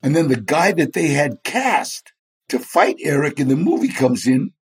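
This man's voice is on the high side and husky, with big pitch swings at a normal pace. As an interview guest, he tells stories animatedly, voicing the people he quotes and laughing a lot.

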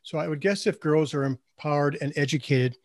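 A man's voice: on the high side, brisk, a little mellow, no room sound. Guy hosting a chat, earnest, asks thoughtful questions, dry close mic. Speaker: host. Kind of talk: interview conversation.

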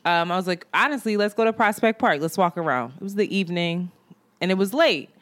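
A woman co-hosting a podcast, telling a dating story in casual, animated chat, swearing and acting out what people said. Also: on the low side, fairly quick. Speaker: podcast co-host. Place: New York.

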